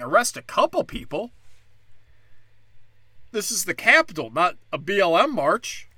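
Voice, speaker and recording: A man's voice: high-pitched, pushed and bright, no echo. A man hosting his own podcast alone, ranting with anger, swearing and sarcasm, and mocking others in put-on voices. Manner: angry, profane, sarcastic ranting. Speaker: podcast host and stand-up comedian. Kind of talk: solo ranting podcast monologue.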